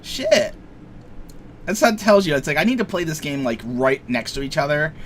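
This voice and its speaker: A man's voice: a little high, animated, fast, a little hiss or hum. Joking young man commenting on gameplay. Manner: rambling, joking, swears freely. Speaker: let's play streamer.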